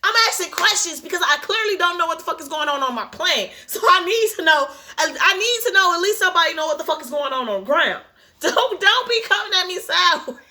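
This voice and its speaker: A woman reading a novel aloud and stopping often to react in animated, profane outbursts. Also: very high voice, fast. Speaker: reader and commentator. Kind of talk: casual read-aloud with reactions.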